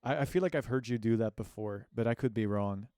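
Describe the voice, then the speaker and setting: A man's voice: on the low side, brisk, a little mellow, clean tone, dry recording, studio quality. A man streaming live and chatting casually, rambling along with plenty of self-mockery and offhand swearing.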